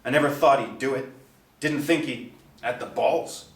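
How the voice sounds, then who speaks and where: A man's voice: medium pitch, normal speed, pitched above the performer's own voice, lightly acted. A man voicing a grating, plain-spoken woman with an Australian western suburbs accent, the estranged wife of a killer, in a storybook reading. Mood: bitter. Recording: echoey, distant mic.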